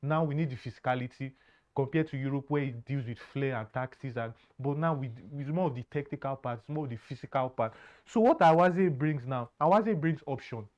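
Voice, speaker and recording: A man's voice: mid-range voice, fairly quick, darkish tone. A man giving earnest football analysis, often stumbling and repeating words. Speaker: football pundit. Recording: dull lo-fi sound.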